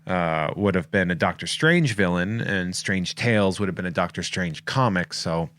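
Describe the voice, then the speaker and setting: A man's voice: sits low, animated, normal speed, a bit bright. An American man hosting a podcast, rambling and joking at his own expense in casual chat. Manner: jokey, rambling, self-mocking. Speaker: podcast host.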